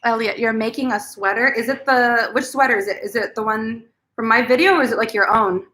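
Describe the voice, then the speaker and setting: A woman's voice: a little high, a little fast, sharp tone. A woman hosting her first crochet livestream from home. She talks casually and giggles a lot while eating, through a computer camera mic. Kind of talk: casual live-stream chat.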